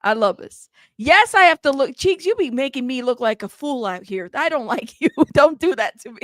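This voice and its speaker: A woman's voice: a little high, animated, moderate pace, no echo, clean studio sound. A woman hosting a casual live news commentary show, chatty and playful, laughing often as she reads out viewer comments. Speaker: host of a news commentary livestream.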